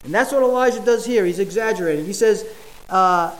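A man with a fairly high voice for a male delivers a sermon in an earnest, explanatory tone, pausing often and using fillers. The recording is rough.

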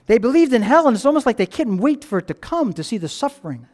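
A pastor delivers a sermon in a very high-pitched, fast male voice. He tells a story with animation, acting out the characters' lines and putting questions to the congregation.

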